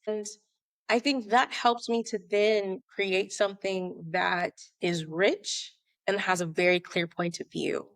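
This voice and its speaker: An American woman telling her story as a podcast guest, animated and conversational, acting out remembered dialogue. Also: mid-range voice, moderate pace, no room sound, studio quality. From United States. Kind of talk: conversational interview.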